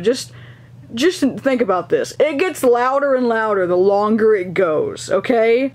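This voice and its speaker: Young female vlogger, lively storyteller, high voice. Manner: animated, laughing, acts out dialogue. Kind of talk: casual storytelling.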